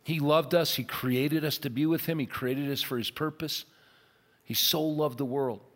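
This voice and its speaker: A man's voice: on the high side, fairly even intonation, normal speed. Earnest male pastor in a reverberant church. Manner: earnest, emphatic preaching, drops soft for prayer. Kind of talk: sermon with altar call. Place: large church auditorium. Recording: long church hall reverb.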